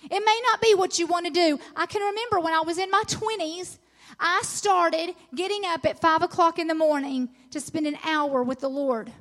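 A middle-aged woman preaching at a women's conference, earnest and encouraging, swelling into excited emphasis when she reads scripture. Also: very high voice, moderate pace. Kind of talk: sermon.

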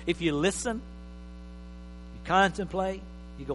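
A man preaching a sermon as pastor, emphatic, swinging between loud and soft. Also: fairly high pitch, unhurried. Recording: reverberant hall with faint mains hum.

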